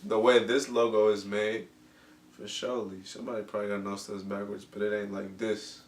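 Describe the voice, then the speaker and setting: A man's voice: lowish voice, little pitch movement, fairly quick, echoey room, distant mic. A man hosting a casual podcast talk, loose and repetitive, full of slang. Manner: laid-back, repeats himself, heavy slang. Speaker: podcast host. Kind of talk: casual chat.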